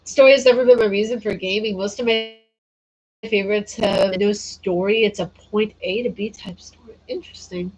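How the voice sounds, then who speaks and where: A woman's voice: medium pitch, steady tone, normal speed, darkish tone, breathy edge, rough recording. Chatty woman streamer, tired. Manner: chatty, laughs often, answers chat comments. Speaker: gaming streamer. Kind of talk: casual livestream chat.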